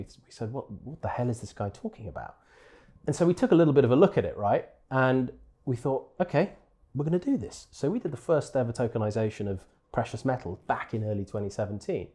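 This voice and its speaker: A man with a fairly low, mellow voice speaks as a guest in a conference interview. He tells his story with animated, self-deprecating humor and sounds easygoing. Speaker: interview guest, crypto exchange executive. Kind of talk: conversational interview. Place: conference venue.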